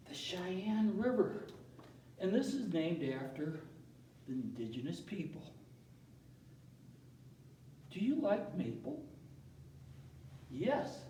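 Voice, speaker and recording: A man's voice: high voice, big pitch swings, slow, pauses often, dark tone, roomy sound, distant mic, slight background noise, low-quality recording. A man teaching a playful, chatty geography lesson who keeps asking his audience questions. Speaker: science educator.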